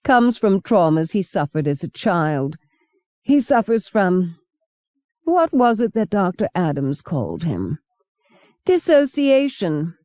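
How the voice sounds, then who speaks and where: A woman's voice: mid-range voice, dark tone, no room sound, pitched above the performer's own voice. Flora, a woman narrator voicing an eerie old woman. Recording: dull lo-fi cassette recording.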